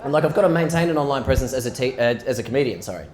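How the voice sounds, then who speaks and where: A man performing a stand-up comedy set, telling stories and acting out the exchanges with lively energy. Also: medium pitch, rapid-fire. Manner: animated storytelling, acting out exchanges. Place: live comedy venue with audience. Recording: echoey room with audience noise.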